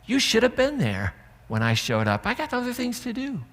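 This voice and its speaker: A man's voice: very high-pitched, huge pitch swings, moderate pace, fairly bright tone, in a large hall, voice pushed up, full character voice. A man voicing a resentful, wounded male disciple who speaks in a sarcastic, accusing way. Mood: bitter, accusing.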